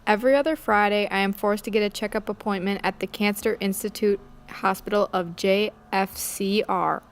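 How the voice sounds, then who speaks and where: Woman, story reader, smooth clear tone, plain first-person narration. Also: medium pitch. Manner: reads plainly, voicing characters' lines lightly. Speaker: student reading her own story.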